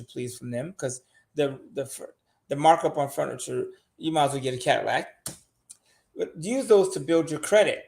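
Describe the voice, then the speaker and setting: A man's voice: fairly high pitch, vocal fry. An older man, a show regular, giving blunt money advice in casual podcast talk and swearing freely.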